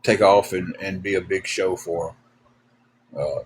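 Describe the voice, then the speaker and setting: A man's voice: low voice, steady tone, slow, slight background noise, rough recording. A man hosting a livestream, telling rambling, folksy stories to his chat with many fillers and restarts. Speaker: livestream host. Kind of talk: casual storytelling to live chat.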